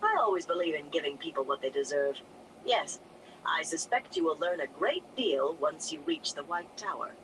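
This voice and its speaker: Reader playing a commanding older woman, brisk, stern, lively pitch, vehicle noise behind. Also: lightly acted. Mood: lecturing. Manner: cheerful yet stern.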